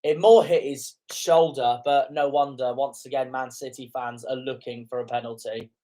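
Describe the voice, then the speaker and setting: A man's voice: medium pitch, fairly even intonation, normal speed, warm tone. Fired-up man calling a football match. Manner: indignant, swearing outbursts over calls. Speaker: fan commentator. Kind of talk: live match reaction commentary.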